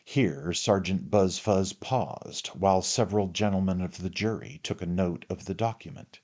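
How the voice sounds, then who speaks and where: A man narrating a classic novel in a measured, formal reading. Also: deep voice, a little mellow. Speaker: audiobook narrator.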